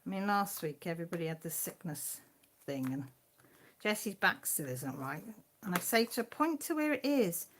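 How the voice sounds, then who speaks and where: A woman's voice: lowish voice, animated, a bit bright, a little hiss or hum. Chatty English woman hosting from home. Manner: chatty, rambling, quick to laugh. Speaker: craft channel host. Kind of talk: casual live chat.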